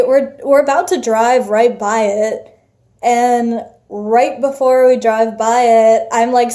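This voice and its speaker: Young woman rambling thru a wild story, kinda high voice, soft mellow tone, says like a lot. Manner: animated, swears a lot, lots of "like" fillers. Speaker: vlogger. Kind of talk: casual storytelling.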